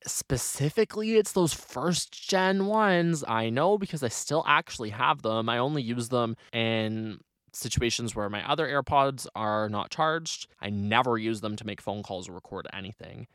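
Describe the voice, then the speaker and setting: A young man hosting his own solo podcast, talking in an animated, chatty way with lots of "like" fillers. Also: mid-range voice, moderate pace, no echo, clean studio sound. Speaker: podcast host.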